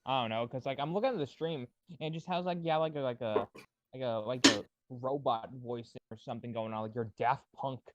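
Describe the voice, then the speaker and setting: A man chatting on a voice call from his phone, excitable, swearing and trailing off into fillers. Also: mid-range voice, a little fast, muffled recording. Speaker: friend on the stream call. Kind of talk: casual chat on a voice call.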